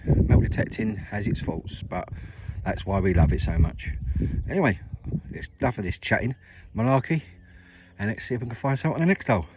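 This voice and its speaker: A man's voice: on the low side, animated, fairly quick, a little mellow. A middle-aged man with a West Country accent, chatting to viewers while metal detecting in an open field. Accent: English West Country. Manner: chatty, addresses viewers as mate and guys. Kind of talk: casual outdoor commentary. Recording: noisy outdoor field recording.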